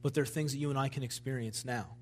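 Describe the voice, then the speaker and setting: A man's voice: medium pitch, steady tone, fast talker, slight background noise. A man preaching a sermon at a church service, in a fervent, emphatic style that builds in intensity.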